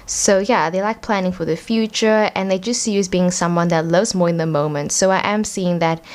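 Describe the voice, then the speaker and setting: Young adult female tarot reader, casual and rambling, slightly low voice, reading at home. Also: fairly even intonation, brisk, a little mellow. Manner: chatty, rambling with many "like" fillers. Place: home room.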